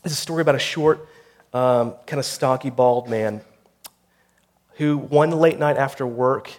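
A male pastor with a mid-range voice speaks unhurriedly through a sermon. It builds into intense storytelling and ends with a quiet prayer.

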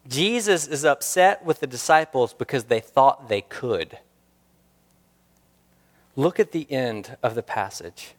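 A man's voice: mid-range voice, lively intonation, takes it slowly, pauses often. A man preaching a sermon, earnest and searching, asking the congregation questions and repeating key lines for emphasis. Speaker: pastor. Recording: long hall reverb.

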